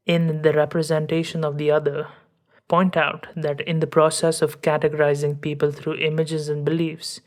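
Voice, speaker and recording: A woman podcast host reading a scripted essay in a measured, academic way. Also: deep voice.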